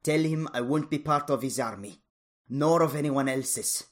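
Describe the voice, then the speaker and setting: Casting: narrator doing a defiant, distrustful young woman in an audiobook, husky. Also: mid-range voice, normal speed, pitched above the performer's own voice, lightly acted. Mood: suspicious. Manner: wary, defiant.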